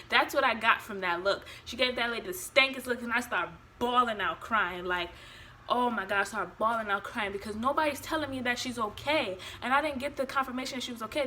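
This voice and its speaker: A young woman with a bright, forceful voice recounts a personal story for her vlog, animated and blunt, swearing freely. Her voice sits a touch high, and there is a faint hiss of background noise. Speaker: vlogger.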